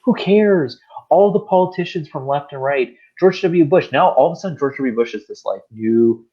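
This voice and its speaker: A man's voice: a little high, lively intonation, normal speed, husky, lo-fi sound. A man co-hosting a podcast, ranting about politics in a heated, sarcastic, repetitive way. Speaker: podcast co-host. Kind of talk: political rant.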